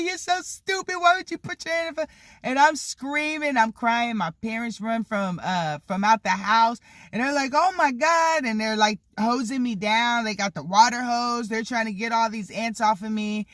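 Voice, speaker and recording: A person in their thirties telling childhood stories in a casual vlog, animated and swearing freely, with lots of "like" and "you know". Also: medium pitch, no room sound, clean studio sound. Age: 30s. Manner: animated, swears freely, acts out the people in the story; heavy use of "like" and "you know" fillers. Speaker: vlogger telling a story.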